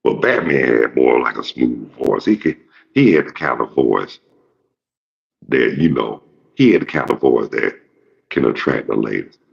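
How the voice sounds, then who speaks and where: A man's voice: rumbling low, expressive, measured pace, creaky, slightly rough. A man in his fifties hosting his own show, rambling through a casual, jokey monologue full of profanity. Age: 50s. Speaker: show host. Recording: dull lo-fi recording.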